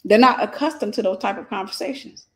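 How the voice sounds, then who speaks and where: A woman with a Southern accent speaks fast at medium pitch, giving a preachy, informal Christian lesson on relationships. She's emphatic and repetitive, sprinkling in folksy jokes.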